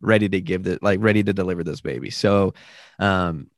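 Young man, guest on a chat show, rambling and animated, lowish voice, dry close sound. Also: fairly quick, no room sound. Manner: animated, rambling with many fillers. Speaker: podcast guest, new father. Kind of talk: casual storytelling chat.

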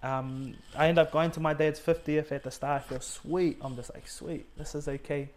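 A man's voice: fairly high pitch, fairly even intonation, normal speed. Earnest New man telling his story. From New Zealand. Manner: earnest, acts out his own and others' quoted words, many fillers. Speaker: guest sharing a faith testimony. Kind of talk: personal storytelling in conversation.

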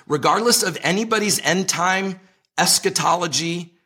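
Husky, earnest man preaching in conversation. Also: high-pitched, moderate pace, bright, forceful tone. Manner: earnest, emphatic, leans on scripture. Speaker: ministry leader, interview guest.

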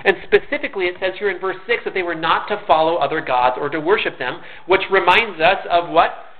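A man's voice: high voice, fairly quick. A man preaching a sermon in an earnest, conversational way, often restarting his words. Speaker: pastor. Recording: tinny phone-like sound.

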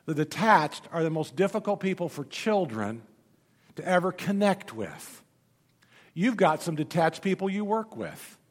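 A man preaching a sermon in a church, his voice sitting a little higher than most men's. His delivery is emphatic, building to loud peaks and sinking to quiet lows. The sound rings with the long reverb of a big hall. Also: very animated, unhurried. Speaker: pastor. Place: church sanctuary.

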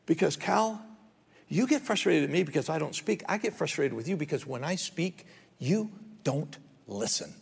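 A man's voice: on the high side, expressive, normal speed, vocal fry, slightly rough, long reverb tail. A man preaching a sermon as pastor, earnest and rising to pleading as he voices prayers. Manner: earnest, rises to pleading when voicing prayers.

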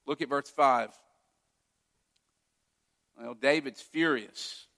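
A man's voice: mid-range voice, slow pace, a bit bright. A man preaching a sermon as a pastor, retelling a story and acting out its quoted lines with feeling. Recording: long hall reverb.

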